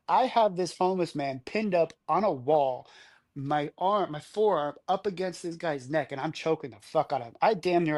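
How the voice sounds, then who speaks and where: A man's voice: on the high side, a little mellow. A man telling a story as a podcast guest, talking in a boisterous, profane and unfiltered way. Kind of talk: casual storytelling.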